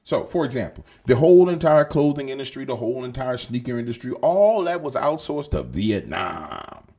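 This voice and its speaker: A man holds forth in a slangy, profane monologue, talking straight at his audience. His voice is husky, and his pitch leaps up and down as he argues. He sounds like he is speaking into a desk mic. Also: moderate pace. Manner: animated, profane, streetwise slang, talks straight to viewers. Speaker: political commentary podcast host. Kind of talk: casual opinionated monologue.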